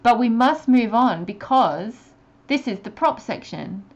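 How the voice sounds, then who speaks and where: A woman's voice: a little high, expressive, unhurried, lo-fi sound. A woman interviewing a guest in an enthusiastic, rambling way. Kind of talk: casual interview.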